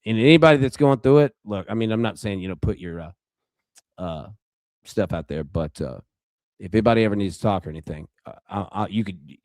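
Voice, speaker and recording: A man's voice: fairly low pitch, a little mellow, no room sound, clean studio sound. A man hosting a live sports betting stream, chatting loosely with viewers and reacting to a baseball game, with lots of fillers and restarts. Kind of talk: casual live-stream chat.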